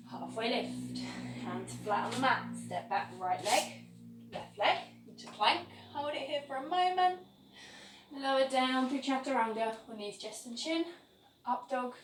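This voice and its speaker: A woman teaching a yoga class, calmly cueing each pose step by step. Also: on the high side, slight background noise. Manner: calm step-by-step cueing of poses. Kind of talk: guided yoga class instruction. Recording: echoey room, voice from a distance, faint ambience.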